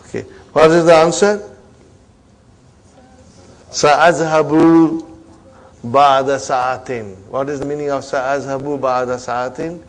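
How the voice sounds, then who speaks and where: A man teaches an Arabic grammar class in English, drilling his students with repeated questions and quick prompts. He mixes in Arabic and Islamic phrases, speaking in a medium-pitched voice.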